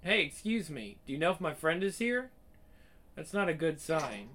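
High bright male game reader. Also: very animated, moderate pace. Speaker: game player. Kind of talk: reading game dialogue aloud.

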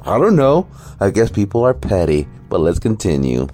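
A man's voice: lowish voice, big pitch swings, moderate pace, darkish tone, faint music behind. A man hosting a ranting, profane, mocking reaction commentary. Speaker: commentary host.

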